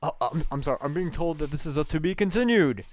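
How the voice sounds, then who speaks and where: A man's voice: a little high, lively intonation, fast, natural voice. A man playing a hammy, theatrical show announcer in a comedy web series. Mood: showy. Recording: echoey hall reverb.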